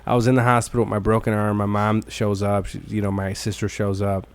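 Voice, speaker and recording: A man's voice: fairly low pitch, level tone, fast talker, smooth, no room sound. A man hosting a podcast in casual chat, rambling, swearing freely and acting out the people in his stories. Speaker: podcast host.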